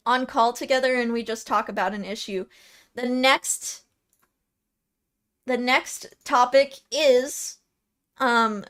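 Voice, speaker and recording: A young woman with a Californian accent chats slowly and easily with her stream, her voice sitting a little high. She reads comments aloud, laughs often and trips over her own words as she answers. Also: fairly bright tone, clear, resonant tone. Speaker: VTuber streamer. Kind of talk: casual live-stream chat, reading comments.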